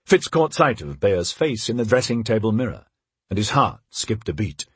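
A man narrating a novel in a measured, expressive read on a close mic. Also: lowish voice, breathy edge, dry recording. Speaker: audiobook narrator. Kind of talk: scripted narration.

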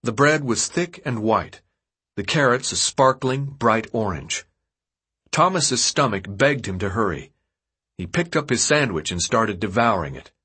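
A man narrating an audiobook in an expressive storytelling manner. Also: fairly low pitch, unhurried, husky. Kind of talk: scripted narration.

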